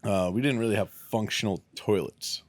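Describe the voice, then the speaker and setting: A man's voice: fairly low pitch, moderate pace, dry recording. A man on a podcast telling a crude war story, laughing through it. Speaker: podcast co-host, veteran. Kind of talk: casual storytelling chat.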